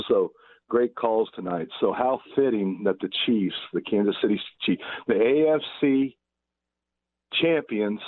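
A man calling in to a sports radio show, ranting in a rowdy, fired-up way and stumbling over his words, over a phone line. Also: fairly low pitch. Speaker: caller.

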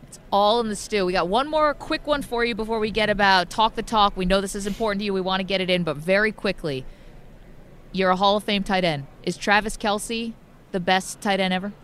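A woman hosting a radio interview, moving things along with brisk, upbeat segues. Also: medium pitch, a bit bright, a little hiss or hum. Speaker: radio host.

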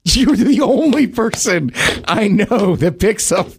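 High lively-voiced man in casual chat. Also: slow pace, creaky, slightly rough, no room sound. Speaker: podcast co-host.

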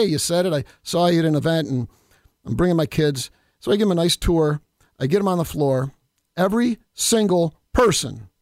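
A middle-aged man, telling political stories in a casual, animated way and acting out the people he quotes. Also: a little high, dry recording, studio quality. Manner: animated storyteller, acts out quotes, chuckles. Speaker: state assemblyman hosting a politics show.

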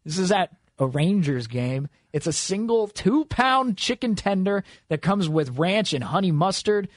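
Man, radio host, playful quizzing, slightly high voice, dry close mic. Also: sing-song, measured pace, dry recording. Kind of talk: sports radio banter.

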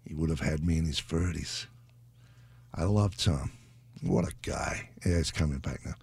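A man's voice: a bass voice, normal speed, a little mellow, breathy edge, no room sound. A British man hosting a radio show, chatting casually in a rambling, self-deprecating way into a studio mic. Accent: British English. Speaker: radio DJ host.

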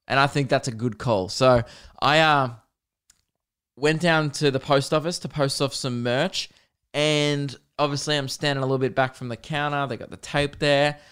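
A man's voice: medium pitch, a bit bright, clear, resonant tone. An Australian man hosting a podcast, telling comedic stories in a chatty, joking way straight to his listeners on a close microphone. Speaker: podcast host. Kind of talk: comedic storytelling monologue.

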